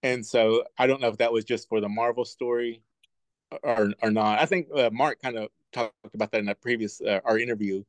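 A man from southeastern Oklahoma co-hosting a podcast, explaining things thoughtfully with slow restarts. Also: medium pitch, steady tone, dry recording. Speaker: podcast co-host. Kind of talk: casual discussion.

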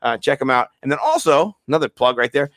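Man, podcast co-host, excitable rambling chat, mid-pitched voice, dry close sound. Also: quick pace, dry recording. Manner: rambling, excitable, repeats words, plugs sponsors. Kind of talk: casual sports podcast chat.

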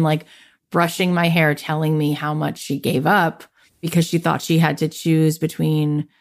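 A woman in her thirties, a podcast guest, telling her life story in an interview and acting out what people said to her. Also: low voice. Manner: animated, acts out quoted voices in her story.

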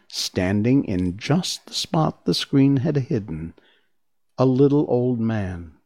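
A man reading a storybook aloud as narrator, unhurried and expressive. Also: mid-range voice.

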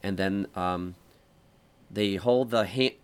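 A man with a fairly low voice rambles through a story on a relaxed podcast chat. He keeps circling back, piling up "like" and "um" as he goes. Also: slow pace, clear, resonant tone. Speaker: podcast host. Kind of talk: casual chat.

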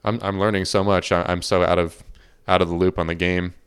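A man's voice: low-pitched, flat delivery, brisk, smooth. A man hosting a livestreamed podcast in casual chat, reading out viewer questions and laughing often. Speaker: podcast host.

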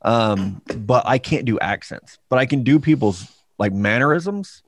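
A man's voice: medium pitch, lively intonation, unhurried, no room sound, clean studio sound. A man co-hosting a podcast in casual chat, teasing and joking with his co-hosts. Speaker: podcast co-host.

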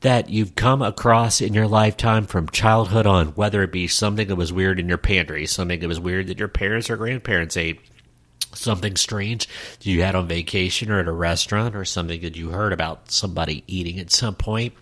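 A man's voice: low-pitched, a little fast, a bit bright. A middle-aged man co-hosting a casual podcast chat, jokey and playful, rambling with fillers. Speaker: podcast co-host.

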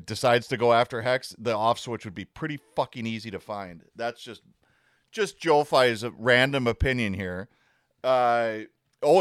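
A male podcast host in a sarcastic, fired-up rant, heavy on swearing and mocking asides. His voice sits at an ordinary middle pitch. The recording is dry and close, with no room sound. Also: a bit bright, no echo. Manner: profane, sarcastic, worked-up. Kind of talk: casual ranting commentary.

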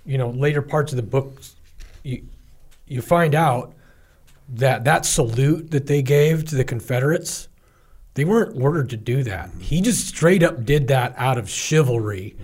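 A man's voice: mid-range voice, lively intonation, measured pace, a little mellow. A man co-hosting a podcast, retelling a story in an enthusiastic, loose way with lots of fillers. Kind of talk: casual podcast chat.

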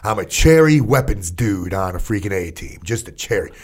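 An older army veteran tells stories in a relaxed interview, swearing freely and speaking with animation and plenty of fillers. His voice sits fairly low and his pace is moderate.

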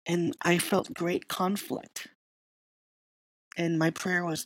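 A woman podcast host talks through a personal reflection in a soft, halting way. Her delivery is unhurried, her voice sits a little low, and the sound is close and dry. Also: flat delivery, no room sound. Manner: slow, soft-spoken, halting with fillers.

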